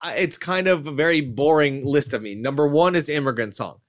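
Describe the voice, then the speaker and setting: A man's voice: a little high, a little fast, no echo, studio quality. A man on a podcast chatting casually, easygoing and self-deprecating, with frequent swearing.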